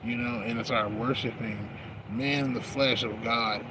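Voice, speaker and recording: A man's voice: medium pitch, fairly even intonation, unhurried. A man in a rambling casual monologue, cursing and using slang as he drifts between thoughts, outdoors on a night smoke break. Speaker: vlogger. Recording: noisy outdoor street with traffic.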